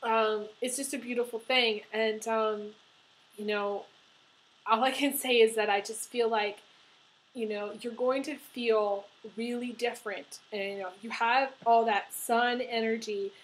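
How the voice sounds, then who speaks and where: A woman's voice: a little high, steady tone, unhurried, low-quality recording. A woman giving a casual tarot reading to camera, emotional and crying as she talks, with many ums and restarts. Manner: emotional, tearful, laughing through tears. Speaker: tarot reader.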